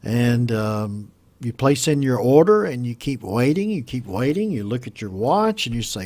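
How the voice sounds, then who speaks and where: A man's voice: mid-range voice, big pitch swings, darkish tone, no room sound. Patient man teaching English words. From United States. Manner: slow, patient explanation with repeated model words. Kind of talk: teaching vocabulary from a news story.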